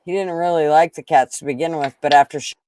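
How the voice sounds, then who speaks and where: A man's voice: fairly high pitch, fairly even intonation, quick pace, darkish tone, slight background noise. A man in casual pub-style chat with a wry, drawling manner, swearing for emphasis. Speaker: co-host.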